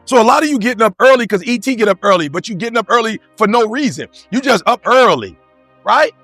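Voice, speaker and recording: A man with a high, bright-edged voice delivers a motivational talk, recorded dry and close with faint music behind him. He speaks in casual street slang and fires rhetorical questions straight at the crowd. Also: animated, fast, no room sound. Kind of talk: motivational talk to a live audience.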